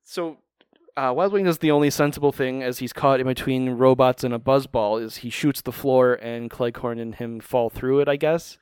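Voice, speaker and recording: A man talks through a cartoon plot in a loose, joking podcast chat. His voice is smooth and resonant, mid-pitched, and recorded close and dry with no room around it. He rambles and swears casually as he recaps. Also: steady tone, moderate pace, a little mellow, no room sound. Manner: rambling, profane, wry recap storytelling.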